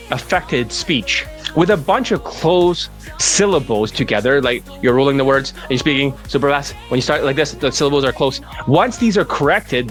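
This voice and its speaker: Man, dating coach, pushy sales pitch, slightly high voice, faint music behind. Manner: assertive, salesy, turns into a rising rant. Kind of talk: sales pitch answering viewer questions.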